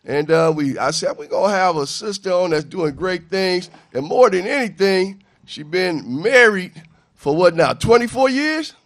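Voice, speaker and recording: A man's voice: sits high, lively intonation, measured pace. Upbeat man hosting a community talk show. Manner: upbeat, folksy, promotional.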